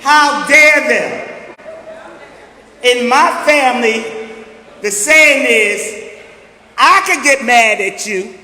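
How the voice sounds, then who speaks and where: Fiery woman shouting a rally speech. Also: fairly high pitch, lively intonation, drawn-out words, long pauses. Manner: forceful, repeats lines, shouts to rouse the crowd. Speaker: city sheriff speaking at a rally. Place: rally with a crowd. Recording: echoey loudspeaker sound at a rally.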